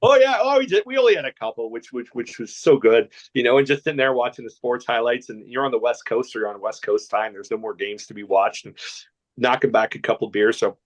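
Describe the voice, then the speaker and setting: A man from Canada, a guest telling a long anecdote, rambling and animated, with lots of restarts. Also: medium pitch, brisk. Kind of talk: storytelling anecdote.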